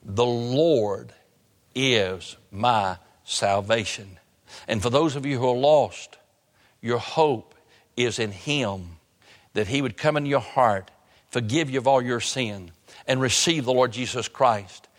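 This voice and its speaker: Brief: male pastor, sermon delivery, repeats lines and drags key words, long church reverb. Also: mid-range voice. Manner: preaching with repetition and sudden slow emphasis. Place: church sanctuary.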